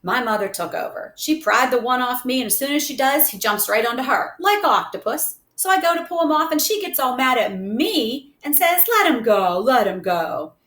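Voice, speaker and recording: A woman's voice: high voice, animated, moderate pace, few pauses, a bit bright, pitched above the performer's own voice. A woman voicing a tough, streetwise boy who talks in boastful slang. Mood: brash. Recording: roomy echo.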